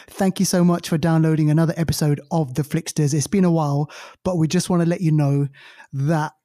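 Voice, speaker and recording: A man's voice: on the high side, steady tone, brisk, mellow. A man co-hosting a casual film podcast, upbeat and teasing. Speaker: podcast co-host.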